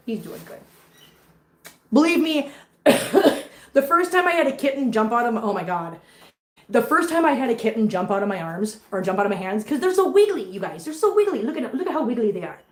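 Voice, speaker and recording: A woman with a fairly high voice talks to her kittens in gentle, cooing baby talk, then turns to chat casually with her viewers. She is in a reverberant room at home. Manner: coos baby talk to kittens between chatty asides to viewers. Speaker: cat channel vlogger.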